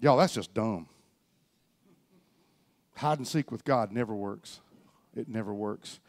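A middle-aged man preaching a sermon as pastor, swinging between loud exhortation and quiet reflection. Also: lowish voice, slow.

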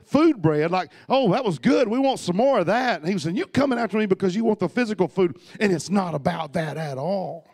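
A man preaching a sermon to his congregation, swinging from loud urging to soft, hushed storytelling. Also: high voice, no room sound. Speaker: pastor. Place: church hall with a congregation.

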